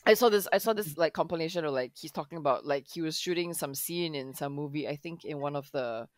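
A woman in casual chat, animated and quick to jump in and mimic others. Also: sits low, no echo.

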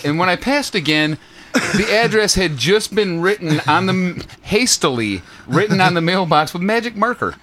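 A man's voice: on the high side, animated, moderate pace, fairly bright tone. A man, a podcast co-host, telling wry, profane stories in a laid-back, casual chat. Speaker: podcast co-host, former pizza worker.

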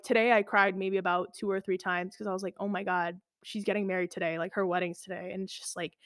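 Her mid-range voice is a bit bright, clear and resonant, recorded dry at studio quality, as this twenty-something podcast host shares something personal. The telling is loose and meandering, heavy on fillers like "like" and "you know."

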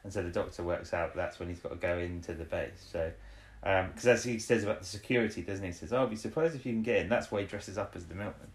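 A man co-hosting a casual chat, recapping an episode. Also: low voice. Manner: rambling, acts out characters' lines in quick impressions. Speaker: podcast co-host. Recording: echoey room.

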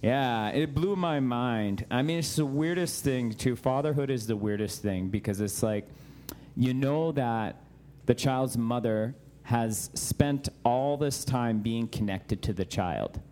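A man in casual conversation about faith, telling animated stories and laughing often. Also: mid-range voice, unhurried, a little hiss or hum.

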